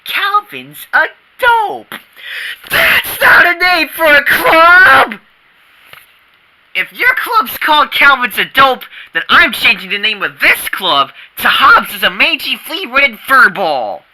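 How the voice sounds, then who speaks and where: A performer voicing an excitable, bossy six-year-old boy in a fan comic dub, shrill and shouty. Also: moderate pace, hardly any pauses, full character voice, poor audio. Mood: indignant.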